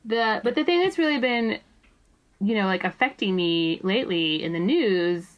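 A woman talks on a podcast in a mid-range voice. She rambles and chats easily, with plenty of fillers. The conversation is relaxed and unscripted. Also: mid-range voice, moderate pace, muffled recording. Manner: chatty and rambling, with many fillers and laughs. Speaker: podcast co-host. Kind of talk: casual chat.

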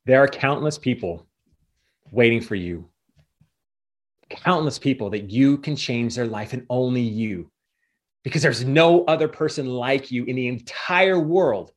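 Man, motivational speaker, fairly high voice, emphatic repetitive pep talk. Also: normal speed.

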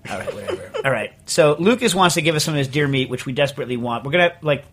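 A middle-aged man from Vermont hosting a casual podcast chat, rambling and ranting with animated energy. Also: a little high, rapid-fire. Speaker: podcast host.

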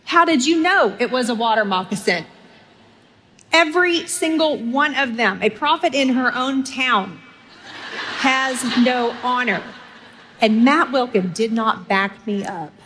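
Woman, middle-aged, sermon, humorous storytelling, fairly high voice. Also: a bit bright, slight background noise. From Texas. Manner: humorous storytelling, speaks directly to the audience. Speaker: preacher.

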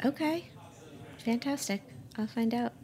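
A woman's voice: on the high side, a little slow, a little mellow. A woman hosting a podcast, chatting casually, with lots of restarts and easy laughs. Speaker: podcast host. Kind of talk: casual interview chat.

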